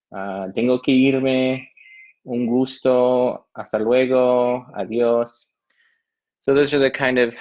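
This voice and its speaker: A man teaching a Spanish class online, explaining tasks in a relaxed way with many filler ums. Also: fairly low pitch. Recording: dull lo-fi online lesson audio.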